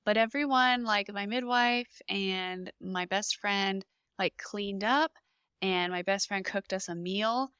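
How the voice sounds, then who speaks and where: A woman in her thirties, a podcast guest, telling her birth story in an animated way and acting out what people said. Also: medium pitch, slow, clear, resonant tone, no echo.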